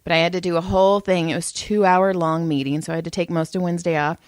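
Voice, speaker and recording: A woman's voice: fairly low pitch, level tone, quick pace, no room sound. A woman co-hosting a podcast, telling a story in casual chat and swearing freely. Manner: chatty, swears freely, acts out quotes. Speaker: podcast co-host.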